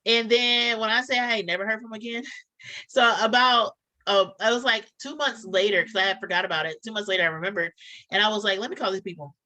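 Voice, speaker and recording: A woman's voice: mid-range voice, fast, sharp tone, low-quality recording. A woman chatting casually, telling a story and acting out both sides of phone calls. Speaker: podcast co-host telling a story.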